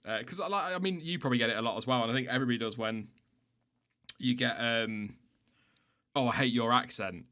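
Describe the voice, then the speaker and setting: A man's voice: mid-range voice, brisk, long pauses, sharp tone. A British man hosting a livestream in casual chat, chatty and self-mocking, laughing often. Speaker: livestream host.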